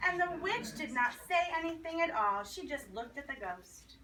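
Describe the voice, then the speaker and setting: A woman's voice: high voice, animated, moderate pace, pushed and bright. A woman reading a picture book aloud to children, with a rhythmic, singsong delivery. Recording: echoey room, distant mic, background noise.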